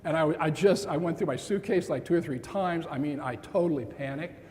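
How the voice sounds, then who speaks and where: A man in his sixties giving a keynote talk, telling a personal story with dramatic pauses and quoted lines. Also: fairly high pitch, a little mellow. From Montana. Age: 60s. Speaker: keynote speaker. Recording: long reverb in a large hall, faint room noise.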